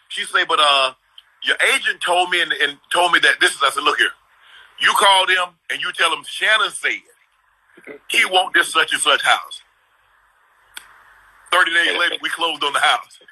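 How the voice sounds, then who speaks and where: A man's voice: fairly high pitch, normal speed, bright, forceful tone, slightly rough, low-quality recording. A middle-aged man hosting a casual live video-call chat, telling stories in an emphatic, slangy way. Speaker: host.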